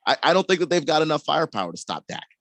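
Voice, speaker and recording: A man's voice: on the high side, very animated, very fast, vocal fry, fairly bright tone, no room sound. Give me a man co-hosting sports radio, stammering through a game breakdown in a dry studio. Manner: analytical, stammers on first words. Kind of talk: sports talk radio analysis.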